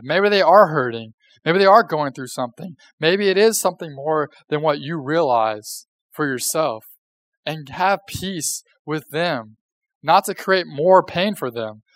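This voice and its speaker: A young man gives a casual sermon from a church stage, talking to his listeners as if in conversation and dropping jokes and questions. His voice sits on the higher side. The sound is dry and close, with little room echo. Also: a bit bright. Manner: conversational, joking, asks the audience questions. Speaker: pastor.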